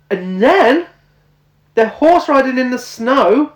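A man's voice: very high-pitched, sing-song, measured pace. A man co-hosting a casual film review, recounting the plot with mocking disbelief. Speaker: podcast co-host. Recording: roomy echo.

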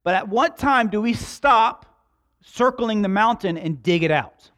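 A pastor preaches a sermon conversationally, tossing joking asides to his congregation. His voice is high-pitched and fairly bright, with lively intonation and an unhurried pace.

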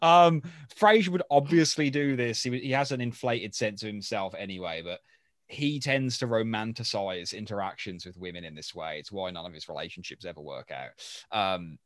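A man's voice: lowish voice, normal speed, dry recording. Male podcast co-host, wry rambler, dead dry sound. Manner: wry, rambling, many ums. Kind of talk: casual chat.

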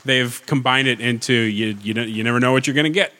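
A man co-hosting a casual podcast chat, trading crude jokes and excited reactions. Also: mid-range voice, fast talker. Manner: joking, crude banter. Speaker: podcast co-host.

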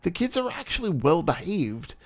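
A man's voice: sits high, big pitch swings, normal speed. A man co-hosting a podcast, chatting casually about a movie with wry, joking asides. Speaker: podcast co-host. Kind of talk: casual chat reviewing a movie.

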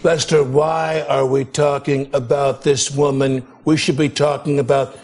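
A man's voice: medium pitch, little pitch movement, unhurried, background noise, natural voice. A man doing a blustery, bragging tycoon politician. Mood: rambling. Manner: rambling, boastful, insulting. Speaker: debate candidate in a sketch. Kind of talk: live TV sketch comedy.

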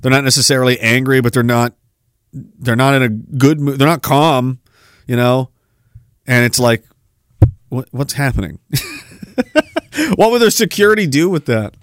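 A man's voice: medium pitch, moderate pace, long pauses, no room sound, studio quality. A man hosting a podcast, ranting in a sarcastic, mocking way and laughing at his own jokes. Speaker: podcast host. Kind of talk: casual ranting commentary.

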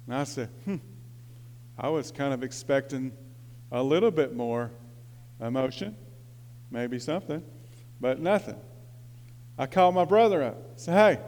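Pastor in his 40s, high voice, sermon in a reverberant church hall; storytelling, shifts between hushed and fired-up. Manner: storytelling, swings from quiet confiding to loud excited preaching.

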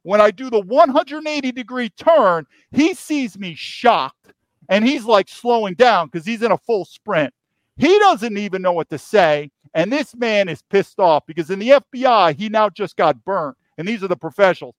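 A man's voice: high-pitched, animated, moderate pace, dry recording. A man from New York, a podcast guest, telling a story emphatically and repeating key phrases. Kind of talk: storytelling interview.

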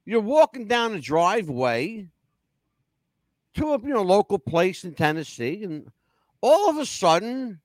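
Animated swearing male chat show host. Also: high voice, unhurried, dry recording, studio quality. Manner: animated storyteller, swears freely. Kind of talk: casual chat show talk.

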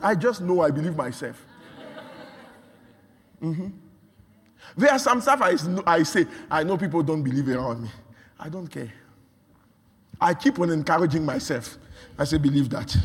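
A man preaching a sermon, repeating phrases and building from quiet talk to shouts. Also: a little high, animated, normal speed, pauses often, slightly rough. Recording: long hall reverb.

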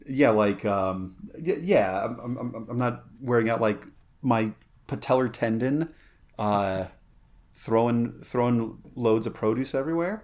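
A man's voice: medium pitch, measured pace, a little mellow. A man co-hosting a podcast in a casual chat, rambling with many fillers and restarts. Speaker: podcast co-host.

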